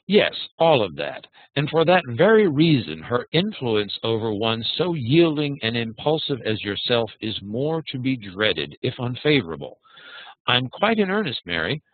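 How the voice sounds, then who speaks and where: A man's voice: mid-range voice, big pitch swings, normal speed, dry recording, voice pushed up. A man voicing an earnest, jealous young husband in a script read aloud, over tinny phone-like audio.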